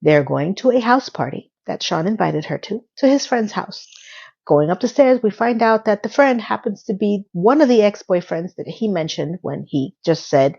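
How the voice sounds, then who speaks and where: A woman recapping an episode in a casual, animated way, retelling scenes with quoted lines. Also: medium pitch, moderate pace, gravelly, slightly rough, dull audio. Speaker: recap vlogger.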